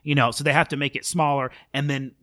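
A middle-aged man, a school band director, talking casually in an interview, animated and full of fillers. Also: fairly high pitch, fast talker, no echo, clean studio sound. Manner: chatty and animated, many fillers.

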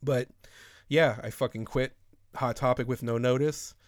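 A man's voice: medium pitch, fairly even intonation, a little slow, no room sound, studio quality. A man in his thirties telling rambling, profane stories in a casual podcast chat.

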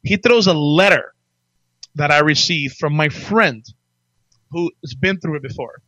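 A man in his forties telling stories in a casual chat, animated, barking out impressions of drill instructors. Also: on the high side, unhurried, no echo, dull audio. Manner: animated, acts out drill instructors in loud barks. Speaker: podcast guest telling his life story.

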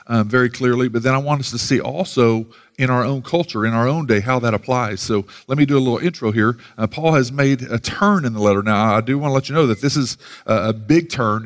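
A man's voice: mid-range voice, fairly bright tone. A man giving a sermon as a pastor, talking in a loose, casual way with many fillers and restarts.

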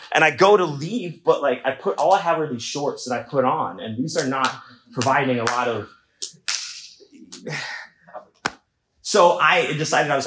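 A man's voice: a little high, a little hiss or hum. A middle-aged man from Houston telling a comic story to an audience in a loose, conversational, self-mocking way. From Houston, Texas. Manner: conversational, self-mocking, acts out shouts in quoted voices. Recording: echoey room.

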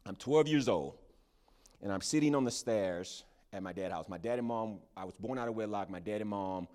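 A preacher telling a personal story in a sermon, with lots of fillers and false starts. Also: male voice, on the low side, moderate pace. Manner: animated, hesitant storytelling with many fillers.

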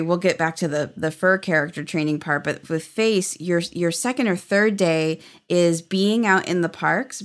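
A woman in her thirties, chatty and upbeat, telling stories as an interview guest. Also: fairly low pitch. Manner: chatty, upbeat, laughs often. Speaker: guest, former theme park character performer. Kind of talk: casual interview storytelling.

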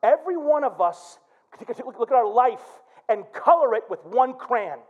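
A man's voice: very high voice, moderate pace, narrow, tinny audio. A middle-aged male pastor preaching a sermon, telling stories and acting out prayers. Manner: animated preaching with quoted prayers.

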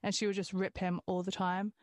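A woman's voice: medium pitch, flat delivery, brisk, dry recording, clean studio sound. A woman in casual chat, talking loosely with frequent restarts.

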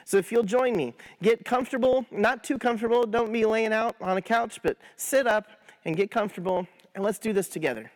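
A man guiding viewers through a scripture meditation, talking to them directly and encouragingly, then slowing into a soft, prayerful reading. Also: sits high. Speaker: pastor leading a guided prayer.

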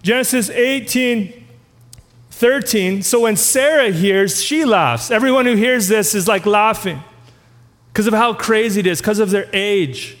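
A male pastor with a strikingly high, slightly bright voice delivers a sermon a little slowly. He reads scripture aloud and repeatedly poses questions to his listeners, his words ringing with long reverb in a church hall.

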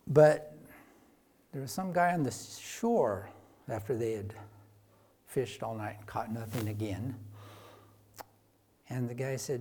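A man preaching a sermon, retelling a Bible story in a conversational way. He gets louder for emphasis and then drops soft and quiet. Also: medium pitch, takes it slowly, long pauses.

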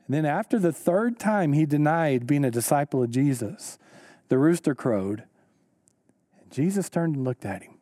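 A pastor preaching a sermon, earnest and emphatic, repeating key lines slowly for weight. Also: male voice, animated, mellow, no echo, clean studio sound. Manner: rises in pitch when stressing a point.

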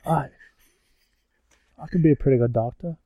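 A man's voice: medium pitch, dry recording, narrow, tinny audio. A young American man hosting a podcast, chatting casually and joking, with frequent "um" fillers. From United States. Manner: joking, fills pauses with "um". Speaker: podcast host.

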